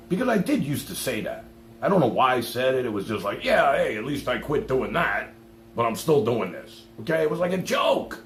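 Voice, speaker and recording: Man, streamer ranting to chat, lively pitch, echoey room with faint hum. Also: fairly quick. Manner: fired-up, profane, swings loud then drops low. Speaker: live streamer. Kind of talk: ranting live stream monologue.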